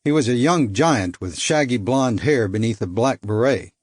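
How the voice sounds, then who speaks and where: A male audiobook narrator reads a first-person thriller at a middle pitch, in a measured, dry, yet animated manner. The recording is dry, close and dead, with no room sound around his voice.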